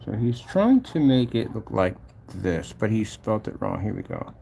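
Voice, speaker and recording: A man with a gravelly, creaky voice talks through a screen share in a casual, mocking tone. His pitch jumps around a lot as he gets exasperated, and a faint hiss of background noise sits under him. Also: sing-song, moderate pace, warm tone. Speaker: company owner showing his product site.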